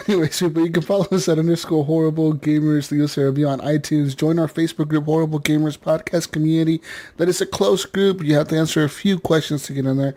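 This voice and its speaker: A man with a notably high speaking voice hosts a casual gaming podcast. He jokes around, laughs often and swears freely, keeping the chat loose. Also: steady tone, fairly quick, darkish tone. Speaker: podcast host.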